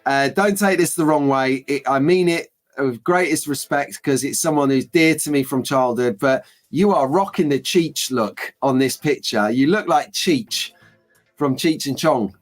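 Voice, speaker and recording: Guy rambling and joking on a live stream, soft music in the back. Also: medium pitch, measured pace. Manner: chatty, rambling, jokey banter. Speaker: host. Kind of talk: casual live-stream chat.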